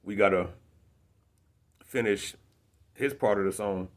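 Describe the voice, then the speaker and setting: Slangy low-voiced man telling a story. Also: slow pace. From South Bend, Indiana. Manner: slangy, repeats "you know what I'm saying", street vernacular. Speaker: rapper. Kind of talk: casual storytelling monologue.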